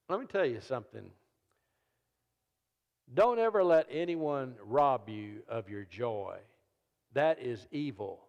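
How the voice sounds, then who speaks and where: A man, an evangelist and comedian telling funny stories in a sermon and jumping into loud high voices when he quotes people. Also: highs cut off. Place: church service. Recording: long reverb of a church hall.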